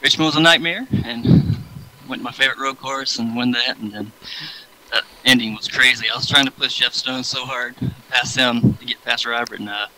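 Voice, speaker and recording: A man, a race driver, recounting his races in an excited, rambling way. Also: mid-range voice, moderate pace, poor audio.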